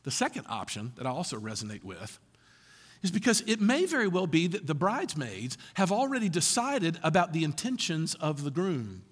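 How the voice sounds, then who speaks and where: A man preaching a sermon to a congregation, animated and full of rhetorical questions, often laughing through his lines. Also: fairly high pitch, normal speed, slightly rough, in a large hall. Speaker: pastor.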